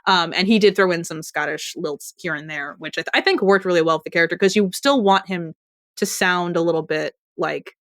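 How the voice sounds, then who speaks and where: Podcast co-host, woman, lower pitch, chatty and rambling, dry close sound. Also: fairly quick, fairly bright tone, dry recording. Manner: chatty, rambling with restarts and laughs. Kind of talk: casual TV recap chat.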